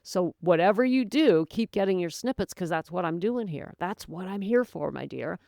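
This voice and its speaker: A woman's voice: fairly low pitch, expressive, normal speed, vocal fry, darkish tone, dry recording, clean studio sound. A woman hosting her own sobriety podcast, talking straight to the listener in an earnest, encouraging, folksy way. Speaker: podcast host, sobriety coach. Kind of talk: motivational solo talk.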